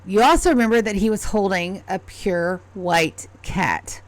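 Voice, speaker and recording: A woman running a tabletop game as game master, narrating in a measured, descriptive way. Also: medium pitch, slight background noise.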